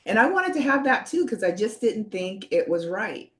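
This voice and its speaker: A woman in her sixties on a video call, telling a personal story in an earnest, halting way, often pausing on "you know.". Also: mid-range voice, sing-song. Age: 60s. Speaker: panelist sharing a personal story.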